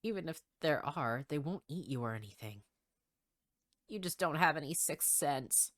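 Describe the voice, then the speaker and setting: A man voicing a cold, curt male pigeon teacher from a game, reading the dialogue in a low, clipped, dismissive way. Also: animated, moderate pace, a bit bright, dry recording, studio quality.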